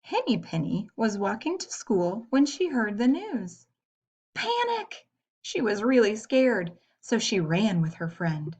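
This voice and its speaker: A woman reading a story aloud to children in a gentle way, pausing to ask her young listeners questions. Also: mid-range voice, big pitch swings, slightly rough. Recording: dull lo-fi recording.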